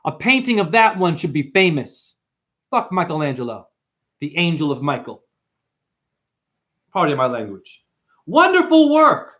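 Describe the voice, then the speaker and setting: A man's voice: fairly high pitch, lively intonation, moderate pace, long pauses, bright, forceful tone. Profane, fired-up male livestreamer. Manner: profane, impassioned, free-associating wordplay. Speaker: livestream host. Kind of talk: rambling livestream rant to chat.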